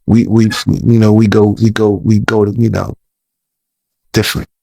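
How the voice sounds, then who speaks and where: A man's voice: lowish voice, flat delivery, normal speed, vocal fry, dark tone, no room sound. A man telling a long story as an interview guest, rambling, repeating words, and talking in loose slang. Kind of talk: casual storytelling.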